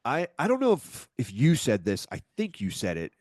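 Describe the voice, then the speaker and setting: A man's voice: mid-range voice, huge pitch swings, normal speed, darkish tone, no room sound, studio quality. A man hosting a podcast, asking questions in a friendly, affirming way with some hesitation. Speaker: podcast host. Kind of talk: casual interview talk.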